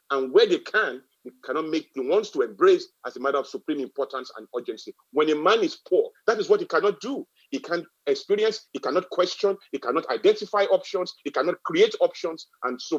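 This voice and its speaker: A man's voice: a little high, slightly rough, highs cut off. A man with a Nigerian accent giving a public talk, emphatic and repetitive, driving points home with rhetorical questions. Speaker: guest speaker.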